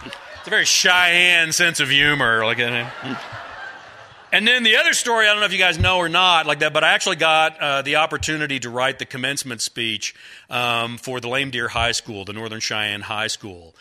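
A man's voice: fairly high pitch, moderate pace, bright, forceful tone. A middle-aged man, an author telling rambling, folksy stories to a live audience, full of fillers. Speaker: author at a book event.

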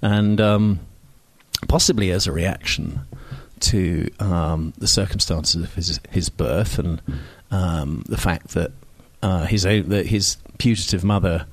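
An older man from Scotland speaks in polished received pronunciation, wry and self-mocking as he wanders through a personal story full of ums and asides. His voice sits low, and the sound is close and dry. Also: slow, slightly rough, no room sound. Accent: received pronunciation English. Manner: wry, digressive, self-mocking with many fillers. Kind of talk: storytelling talk. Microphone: microphone on stage.

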